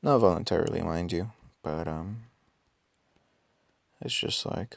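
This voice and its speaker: Raspy man, just out of bed, deep gravelly voice, dry close sound; casual game commentary, muttered calculations. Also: unhurried, long pauses, dry recording. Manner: thinks aloud with many ums and self-corrections. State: just woke up. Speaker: mobile game player.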